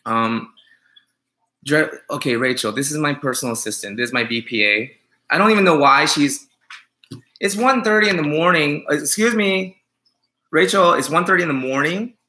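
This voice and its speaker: A man's voice: a little high, animated, normal speed, sharp tone. A man who is a dog groomer, chatting on a live stream, joking and teasing viewers as he rambles with many fillers.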